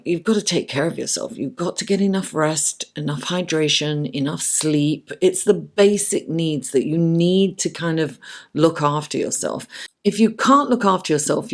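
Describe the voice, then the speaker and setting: A woman's voice: low voice, moderate pace. A woman doing a chatty, affectionate tarot reading late at night, her voice worn and fading. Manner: chatty, affectionate, talks to the cards. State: losing her voice from the late hour. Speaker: tarot reader.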